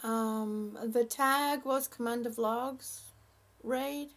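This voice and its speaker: A woman hosting a livestream, chatting haltingly and affectionately with her viewers, often restarting her sentences. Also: fairly high pitch, steady tone. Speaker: livestream host. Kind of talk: casual livestream chat with viewers.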